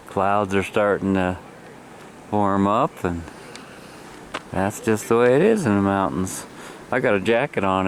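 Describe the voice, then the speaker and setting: A man's voice: deep voice, a little hiss or hum. A man vlogging casually outdoors by a mountain lake, easygoing and chuckling as he talks. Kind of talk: casual outdoor vlog talk.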